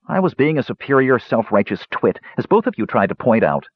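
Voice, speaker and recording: A man's voice: mid-range voice, sing-song, brisk, slightly rough, voice pushed up. A man voicing a weary, seasick young mage. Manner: mumbling, bitter, self-deprecating. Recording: dull lo-fi recording.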